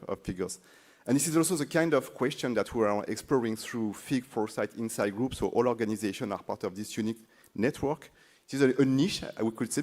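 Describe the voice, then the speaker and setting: Halting French-accented man moderating. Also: lowish voice, a little mellow. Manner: halting, repeats words, searches for phrasing. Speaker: panel moderator, corporate foresight lead. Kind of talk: moderating a conference panel. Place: conference stage.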